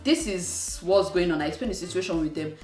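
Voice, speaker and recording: A woman from Nigeria with a Nigerian accent, telling a personal story to her channel in an animated, exasperated way. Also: on the low side, a little fast, echoey room, far from the mic, soft background music. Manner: animated, exasperated retelling with acted-out quotes. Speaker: vlogger. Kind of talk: casual storytelling to camera.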